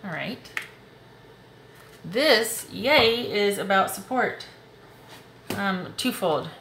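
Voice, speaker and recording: A woman's voice: mid-range voice, animated, drawn-out words, gravelly, a bit bright, reverberant, slight background noise. A woman giving a casual tarot reading to camera in a reassuring, emotional way that breaks into laughs. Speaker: tarot reader. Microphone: close desk mic.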